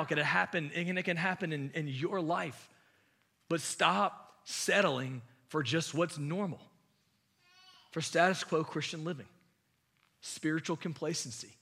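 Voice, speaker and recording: A man preaching a sermon as pastor, impassioned, swinging from loud emphasis to hushed asides. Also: a little high, measured pace, vocal fry, breathy edge.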